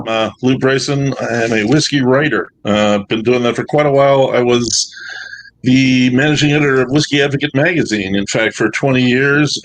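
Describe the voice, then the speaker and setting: A man's voice: medium pitch, fairly bright tone, rough recording. A man co-hosting a podcast over a video call, wry and dry as he introduces himself. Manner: dry, wry self-promotion. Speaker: whiskey writer, podcast co-host. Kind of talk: casual chat.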